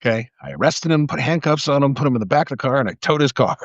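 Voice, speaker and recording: A man's voice: medium pitch, animated, fast talker, no echo, dull audio. A man in his fifties, a former police officer, telling rambling stories on a live stream and swearing freely. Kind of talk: casual live-stream monologue.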